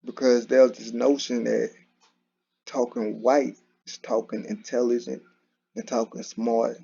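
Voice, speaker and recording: A man with a mid-range, fairly monotone voice hosts a commentary channel, talking a little slowly in a creaky, dark tone. His casual solo monologue is full of restarts and repeated "you know." The lo-fi recording sounds dull and carries a faint hiss or hum.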